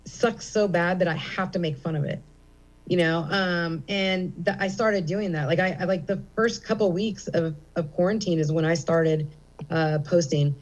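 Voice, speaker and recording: A woman's voice: on the low side, a little mellow, low-quality recording. A middle-aged woman comedian speaking as an interview guest at a comedy theater, candid and rambling with many fillers. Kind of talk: casual interview chat.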